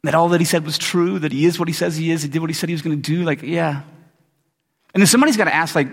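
Pastor guy preaching, kinda breathy and a bit high, jokey and chill, big hall echo. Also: quick pace. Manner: casual storytelling, joking asides. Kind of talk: sermon. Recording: long hall reverb.

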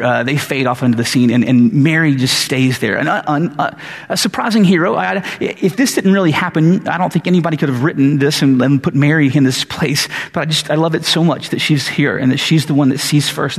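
A man preaching a casual, animated sermon, full of playful asides and stumbling restarts. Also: on the high side, breathy edge, big-room sound. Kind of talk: conversational sermon.

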